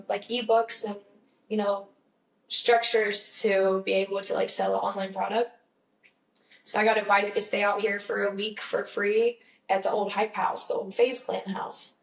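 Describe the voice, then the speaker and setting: Young southern woman rambling happily in an interview, kinda far off the mic, echoey room. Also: mid-range voice. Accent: Southern American. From Georgia, US. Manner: chatty, upbeat storytelling with many fillers. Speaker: guest musician. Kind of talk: casual interview chat. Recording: roomy, slightly distant mic.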